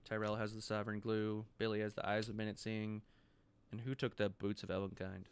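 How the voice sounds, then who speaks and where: A man's voice: fairly low pitch, level tone, brisk, clear, resonant tone. A man acting as game master, explaining rules and items in a matter-of-fact way. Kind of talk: narrating a tabletop game.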